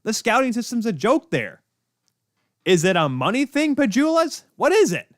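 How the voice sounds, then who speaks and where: A young man hosting a live sports talk show, ranting in an exasperated, rapid-fire way. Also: high voice, wildly swooping pitch, no echo, clean studio sound. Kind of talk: live sports opinion rant.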